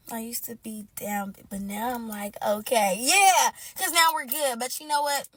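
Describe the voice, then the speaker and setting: A woman with a high, bright-pitched voice tells a storytime in loose, slangy chatter. She keeps turning to her viewers and calling them y'all, animated and expressive throughout. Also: unhurried, slight background noise. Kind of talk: casual storytime to camera.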